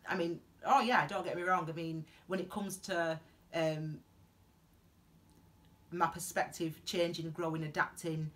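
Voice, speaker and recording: A woman gives earnest, heartfelt advice in a reflective vlog monologue, rambling and halting with frequent restarts and tangents. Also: on the low side, steady tone, a bit bright. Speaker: tarot reader giving advice.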